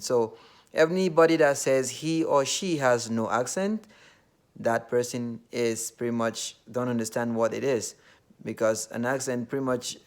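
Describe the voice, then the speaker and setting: A man from Nigeria with a Nigerian accent, talking in a casual, earnest monologue full of fillers. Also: medium pitch. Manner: earnest, loosely phrased with many fillers.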